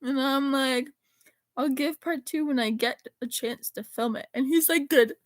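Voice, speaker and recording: A woman's voice: high-pitched, unhurried, no echo. A teenage girl chatting casually, rambling and correcting herself as she reads old text messages aloud. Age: teens. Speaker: vlogger. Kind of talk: casual chat reading texts aloud.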